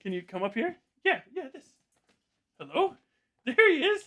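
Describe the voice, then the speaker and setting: Man doing high soft baby talk for a pet. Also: very animated, normal speed, background noise. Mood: coaxing. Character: high baby-talking man coaxing his dog.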